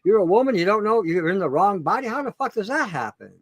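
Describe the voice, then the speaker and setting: A man's voice: high voice, sing-song, quick pace, no room sound. A man from Canada speaking as a guest in a blunt, emphatic, heavily profane rant. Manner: emphatic, repetitive, swears heavily. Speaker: guest, show host himself.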